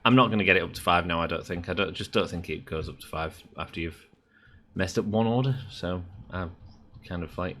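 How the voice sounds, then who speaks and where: Brief: male gaming YouTuber, lowish voice with a bright, forceful edge, rambling casual commentary. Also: a little fast, a little hiss or hum. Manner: chatty, rambling, thinks aloud with many fillers.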